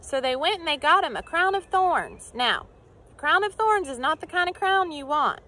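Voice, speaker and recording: A woman's voice: sits high, sing-song, normal speed, pushed and bright. A woman teaching children in church, telling a Bible story with acted-out voices and questions to the kids.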